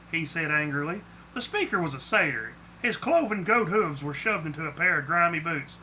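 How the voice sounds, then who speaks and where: A man's voice: on the high side, sing-song, normal speed, hardly any pauses, bright, forceful tone, a little hiss or hum, rough recording. A man reading aloud his own short story, with small slips. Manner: plainly spoken with small slips. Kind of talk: storybook narration.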